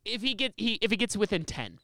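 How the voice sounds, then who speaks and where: A man hosting a podcast in a studio, talking in an excitable, teasing way. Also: sits high, fast talker, dry recording. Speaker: podcast host. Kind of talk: casual podcast chat.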